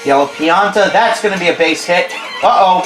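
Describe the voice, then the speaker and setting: A man with a high voice and a stuffy nose hosts a video game, delivering playful, jokey play-by-play at a normal speed and often correcting himself. The sound is roomy, with game music playing behind him.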